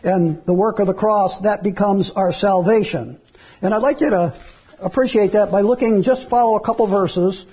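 Male pastor, sermon delivery, higher voice with a husky, mellow tone. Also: normal speed. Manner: earnest preaching with scripture reading.

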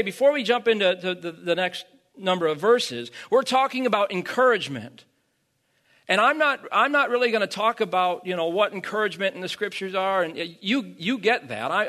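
A man in his thirties preaching a sermon, stumbling and repeating words, then rising to loud emphatic peaks. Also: high-pitched.

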